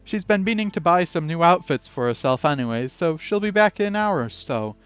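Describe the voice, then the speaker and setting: A man's voice: fairly high pitch, animated, a little fast, clean tone. A man reading a text game aloud in a casual playthrough, chatty and breaking off to add his own comments. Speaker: game player and narrator. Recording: dull lo-fi audio with faint music.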